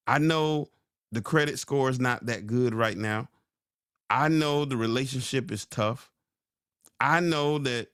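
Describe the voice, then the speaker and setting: A man hosting a podcast, giving a sermon-like motivational talk, slowing down and repeating key lines for emphasis. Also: medium pitch, fairly bright tone, clean tone, dry recording, clean studio sound. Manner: slow, drawn-out emphasis. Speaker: podcast host.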